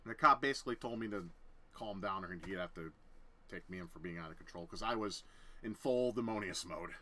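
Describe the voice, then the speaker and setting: In a deep, brisk voice with a sharp edge, this young vlogger rants through a personal story casually, cursing heavily and speaking in a heated, blunt manner.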